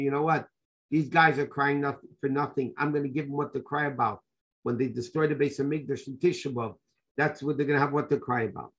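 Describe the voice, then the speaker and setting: Leading a lively Torah class, a rabbi tells the story through rhetorical questions, weaving in Hebrew and Yiddish terms. His voice sits a little high.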